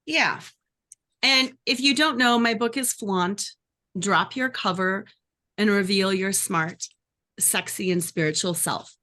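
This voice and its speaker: A life coach teaching a workshop, lively and acting out the voices she describes. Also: mid-range voice, slow. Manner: animated, acts out inner voices.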